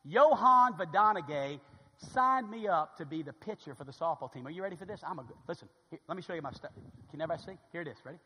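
A man preaching a sermon in a church, dramatic and animated, acting out little scenes and swinging between loud exclamations and hushed asides. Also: a little high, quick pace, slight background noise. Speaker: pastor. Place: church sanctuary. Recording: hall reverb.

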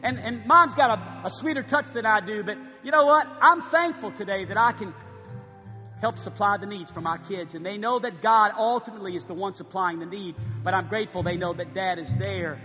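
A preacher in his fifties with a very high voice, delivering a sermon in a big church sanctuary. He drops to near-whispers and then rises to loud emphasis. Long reverb fills the hall, and guitar music plays clearly behind him. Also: brisk. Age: 50s. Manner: preaching with swings from hushed to loud. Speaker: pastor.

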